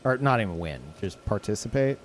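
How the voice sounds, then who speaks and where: A man streaming a video game, chatting casually, rambling and searching for words with swearing and quick laughs. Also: on the low side, animated, slight background noise. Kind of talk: casual chat while gaming.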